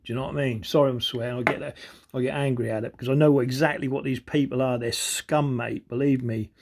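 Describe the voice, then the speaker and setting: A man's voice: mid-range voice, fairly even intonation, quick pace. A man delivering an angry, sweary monologue, constantly asking "do you know what I mean". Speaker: video commentator. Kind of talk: ranting monologue.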